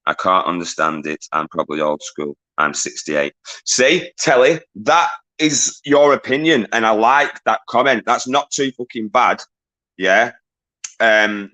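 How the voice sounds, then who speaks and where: A man's voice: lowish voice, measured pace, sharp tone, low-quality recording. A man hosting a casual livestream, reading viewers' comments aloud, greeting them and swearing casually.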